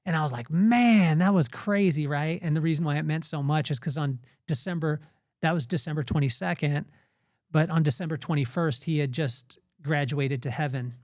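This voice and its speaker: A man in his forties, a podcast host, talks through a heartfelt personal reflection, halting often with fillers and restarts, his voice tearful. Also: fairly high pitch, fairly even intonation, dry recording, clean studio sound. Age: 40s.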